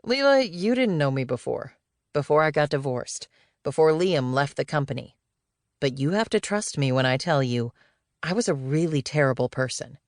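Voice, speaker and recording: A breezy middle-aged male executive, played by a woman reading an audiobook, casual and easygoing. The voice sits low and even, close and dry. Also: normal speed, dry recording. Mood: earnest.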